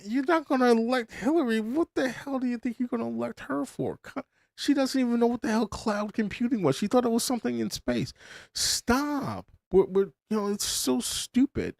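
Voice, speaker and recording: A man putting on a mocking falsetto impression of a smug female politician. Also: expressive, normal speed, vocal fry, dry recording, clean studio sound, full character voice.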